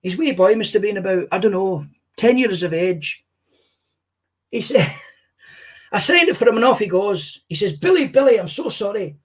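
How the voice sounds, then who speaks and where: A man's voice: high voice, animated, normal speed, pauses often, husky, pitched above the performer's own voice. A man doing an impression of a famous older Scottish comedian, telling rambling, sweary anecdotes in a Scottish accent. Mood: storytelling. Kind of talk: stand-up impression, storytelling.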